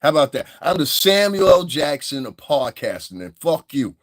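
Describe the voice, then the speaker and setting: This online commentator, who has a Northeastern US accent, delivers a profane livestream rant full of laughter and mocking impressions. He speaks at a moderate pace in a fairly high, sing-song voice, captured in clean studio sound without echo.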